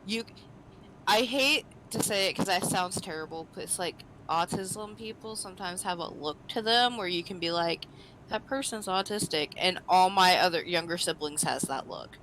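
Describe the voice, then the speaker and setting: A woman chats on a tabletop game show, rambling and filling her talk with fillers. Her voice is bright, with a faint noise behind it. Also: lowish voice, moderate pace, poor audio. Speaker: player. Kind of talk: casual chat.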